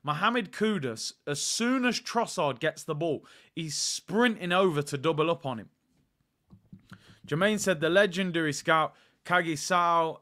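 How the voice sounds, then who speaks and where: A young man casually commentating live on a match for his fan channel, chatty and excitable, switching between play-by-play and asides to his viewers. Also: fairly high pitch. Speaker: fan channel host doing a live watchalong.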